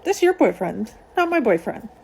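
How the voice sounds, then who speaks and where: A woman's voice: a little high, normal speed, gravelly, husky. A young adult woman telling a personal story in a casual, chatty way, with lots of "like" as she talks. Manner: chatty, animated retelling with frequent "like".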